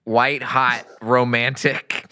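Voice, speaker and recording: A man from Texas hosts a casual comedy podcast, rambling through a movie recap with an animated, laughing delivery. His voice is bright and forceful, with a smooth, resonant tone. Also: mid-range voice, slow pace. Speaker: podcast host.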